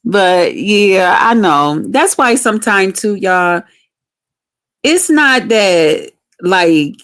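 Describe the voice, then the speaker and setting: A livestream host recounts a personal story to her audience, addressing viewers head-on in candid, casual talk full of cursing. Her mid-range voice is fairly bright, with lively intonation and drawn-out words.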